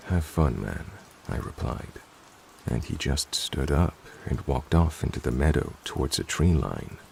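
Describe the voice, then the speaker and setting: A man with a gravelly voice reading a first-person story in an even, low-key manner. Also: a little hiss or hum, poor audio. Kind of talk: scripted narration. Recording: rain sounds behind the voice.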